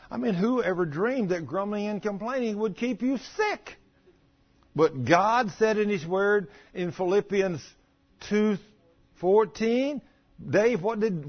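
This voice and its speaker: An older man preaching a folksy, animated sermon about healing, acting out the voices in his stories. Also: high voice, husky. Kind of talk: sermon storytelling. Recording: dull lo-fi recording.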